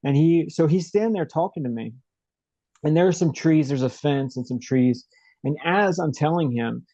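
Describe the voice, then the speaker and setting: A man's voice: medium pitch, warm tone, dry recording, lo-fi sound. A young man as an interview guest, telling a story in a rambling, casual way with many fillers and restarts.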